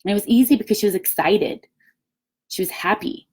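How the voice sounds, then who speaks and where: A woman's voice: medium pitch, fairly quick, a little mellow, breathy edge. Upbeat woman coaching a live stream. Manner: upbeat and emphatic, acts out quoted chats. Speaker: direct sales team leader. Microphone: webcam or phone, live stream.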